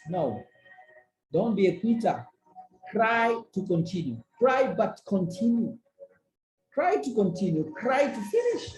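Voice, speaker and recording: A man's voice: high voice, very animated, unhurried, long pauses, a little mellow, reverberant, rough recording. A man giving a motivational business training talk, repeating key lines emphatically to encourage his listeners.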